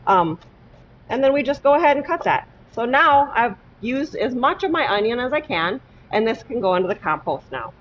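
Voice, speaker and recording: A woman's voice: fairly high pitch, big pitch swings, moderate pace, lo-fi sound, a little hiss or hum. A woman teaching a cooking lesson in her kitchen, talking step by step and often checking in with "okay?". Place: home kitchen.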